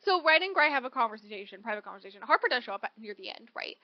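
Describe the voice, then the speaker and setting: Chatting casually about a book she's read, this podcast co-host retells the plot quickly and with lots of energy in a high voice, her speech dotted with "like," "right?" and occasional offhand curses. The audio has no room reverb and sounds a bit muffled, suggesting a simple home setup.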